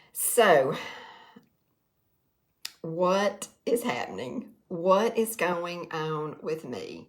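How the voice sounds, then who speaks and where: A woman's voice: lowish voice, very animated, extremely slow, long pauses. A woman, chatting on a livestream, tired and nervous, folksy, greeting viewers by name. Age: 60s. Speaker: direct sales livestreamer. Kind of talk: casual livestream talk to viewers. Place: quiet room.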